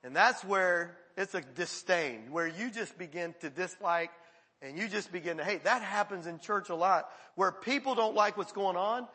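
A male pastor preaches in a relaxed, chatty way and slips into quick acted voices. His voice is high and bright with a husky edge. It rings out with a long hall reverb. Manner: conversational, acts out quoted voices, laughs often. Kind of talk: sermon.

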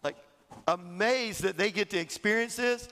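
A man preaching a sermon, telling stories in an animated way and often chuckling as he talks. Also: sits high, moderate pace, vocal fry, long reverb tail. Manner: animated storytelling, chuckling, acting out quotes. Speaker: pastor.

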